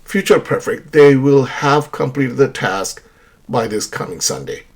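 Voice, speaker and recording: Guy teaching english grammar, kinda husky, voice bounces up and down a lot, lots of examples and "right?". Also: medium pitch, lively intonation, measured pace. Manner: explains with many examples and checks in with "right?". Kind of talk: grammar lesson.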